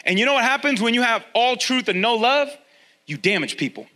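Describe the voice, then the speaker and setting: Male pastor, high bright voice, lively conversational sermon delivery with emphatic repeats, church setting. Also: a little fast. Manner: energetic, conversational, repeats key lines for emphasis. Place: church with a congregation, also streamed online.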